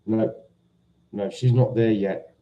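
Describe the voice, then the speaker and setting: A London man with a Cockney accent hosts a livestream, casually reading viewer comments, teasing his audience, and admitting he gets confused. His voice is fairly low with fairly even intonation, and he takes his time. The recording is muffled, with soft music in the background.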